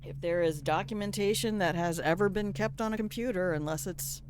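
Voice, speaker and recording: A woman's voice: on the low side, brisk, noisy background. An older woman streaming a video game live, chatting casually, swearing now and then and reading in-game notes aloud. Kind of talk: casual live gameplay commentary.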